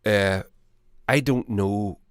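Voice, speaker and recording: A man's voice: fairly low pitch, very slow, smooth, no echo, clean studio sound. A man hosting his own casual political commentary, blunt and rambling, swearing and restarting his sentences.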